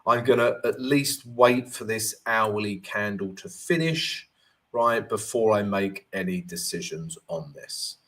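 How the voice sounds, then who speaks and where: A man's voice: on the low side, expressive, unhurried, a bit bright. A man, a forex trading coach, casually chatting on a live stream, reading out viewer comments and walking through charts as he answers them. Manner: upbeat greetings, talks while walking through charts.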